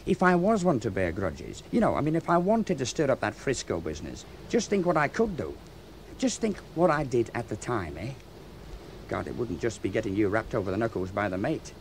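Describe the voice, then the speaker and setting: Radio play: a taunting, threatening able seaman, middle pitch, animated delivery. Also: fairly quick, a little hiss or hum. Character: menacing, grudge-holding male able seaman.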